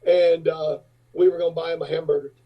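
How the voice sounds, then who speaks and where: Husky-voiced man telling rambling stories. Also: a little high, level tone, a little fast, recorded from a distance. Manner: rambling, filler-heavy anecdotes. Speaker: podcast guest, rock singer and entrepreneur. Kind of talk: casual storytelling. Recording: dull lo-fi audio.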